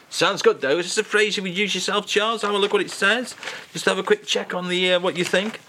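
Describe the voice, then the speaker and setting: A male radio host doing comic, teasing banter in a brisk, mock-formal way. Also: sits high, fairly even intonation, pushed and bright.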